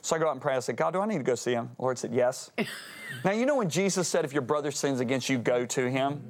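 A man's voice: medium pitch, animated, fast talker, slight background noise. A man, a Christian author and guest speaker, telling a story earnestly on a talk show, acting out quotes with animation.

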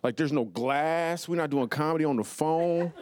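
A man doing stand-up comedy storytelling in a TV studio, animated and playful, with quick asides to the audience. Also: a little high. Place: television studio before a live audience.

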